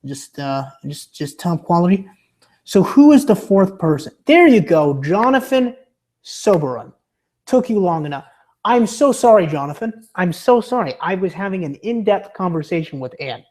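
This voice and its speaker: A man's voice: big pitch swings, moderate pace, darkish tone. Rambling young man streaming with a sore throat. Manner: rambling, stammering, with many restarts; pitch fluctuates, drifting into a bouncy entertainer's voice. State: sore throat from being sick. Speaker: livestreamer. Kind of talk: casual chat reading viewer comments.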